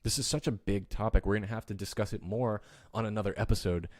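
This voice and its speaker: A man hosting a casual live-streamed fan podcast, chatty and enthusiastic, often pausing with fillers and restarting his sentences. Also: on the low side, fairly even intonation, a little mellow, no echo, studio quality. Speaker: podcast host.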